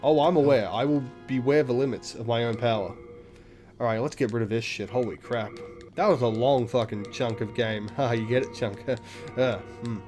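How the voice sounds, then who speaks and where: A man's voice: medium pitch, normal speed, darkish tone. A man hosting a let's play, giving casual gameplay commentary, swearing often and making self-mocking, chatty asides. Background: game music.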